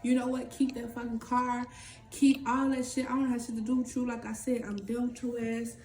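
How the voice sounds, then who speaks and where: A woman telling a personal story in casual talk, candid and swearing freely, acting out what others said in quick lively bursts. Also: on the high side, faint music behind. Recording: echoey room with faint background noise.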